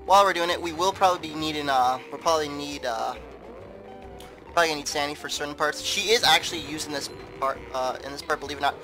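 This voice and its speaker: A man's voice: on the high side, fast talker, music in the background, rough recording. A man giving casual, rambling commentary over a game playthrough, often repeating words. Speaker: gameplay commentator. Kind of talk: casual let's play commentary.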